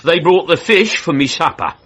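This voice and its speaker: A man's voice: a little high, lively intonation, normal speed, fairly bright tone, husky. An actor playing a jovial, flirtatious middle-aged countryman with a folksy, teasing manner. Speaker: convalescing family man. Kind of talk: period TV comedy-drama acting.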